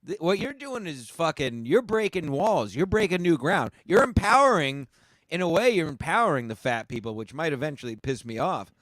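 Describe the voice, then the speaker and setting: A man's voice: on the high side, big pitch swings, moderate pace, a bit bright, no room sound. A man co-hosting a casual podcast, teasing his co-host in a mock-earnest way and asking leading questions. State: coughing.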